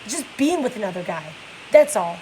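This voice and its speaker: A woman's voice: medium pitch, sing-song, fairly quick, mellow, slight background noise, natural voice, rough recording. A woman reading the lines of a weary, bitter middle-aged male stable hand in a plain read-aloud voice.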